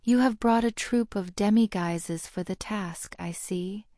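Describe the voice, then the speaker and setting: A woman voicing a stern elderly witch who speaks in a firm, measured way. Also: medium pitch, dark tone, no echo, clean studio sound, natural voice. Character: stern elderly witch, calm creature expert.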